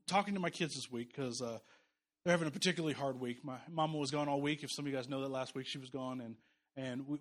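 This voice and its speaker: A pastor in his thirties delivers a sermon, moving back and forth between loud, forceful proclamations and gentle, hushed storytelling. His voice is fairly high.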